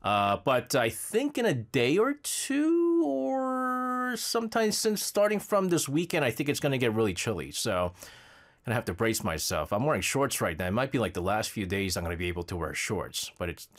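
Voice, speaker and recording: A man's voice: mid-range voice, big pitch swings, moderate pace. A man hosting a live show, chatting casually and rambling between listener messages with frequent laughs. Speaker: radio show host reading listener messages.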